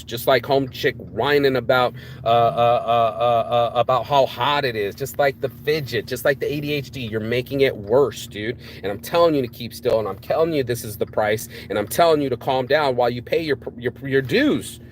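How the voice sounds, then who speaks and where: A man's voice: mid-range voice, moderate pace, few pauses, slight background noise. A man giving a casual motivational monologue outdoors. He speaks bluntly, swears freely and hammers his points home by repeating them. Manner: blunt, profane, preachy, repeats himself. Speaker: motivational vlogger.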